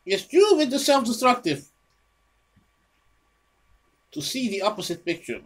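A mid-range voice with big pitch swings and a breathy edge moves a little slowly here. The speaker, a home video presenter, gives a rambling, unscripted talk about their own research, repeatedly restarting phrases, repeating words, and scolding a listener who isn't there.

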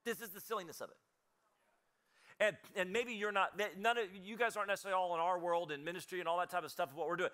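A man's voice: high voice, fairly even intonation, fast, bright, forceful tone, smooth. A male pastor preaching a live sermon in a church, telling stories in a loose conversational way with laughing asides. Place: church auditorium, live service.

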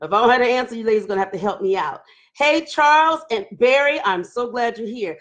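A woman's voice: fairly high pitch, animated, fast. A woman hosting a casual live-stream chat, greeting viewers by name and laughing often as she talks. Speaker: livestream host.

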